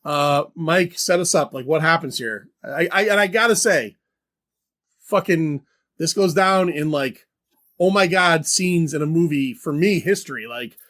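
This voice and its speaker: A man co-hosting a podcast, discussing a movie in an excitable, casual way and swearing freely. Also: fairly high pitch, unhurried. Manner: excitable, swears when reacting. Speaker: podcast co-host.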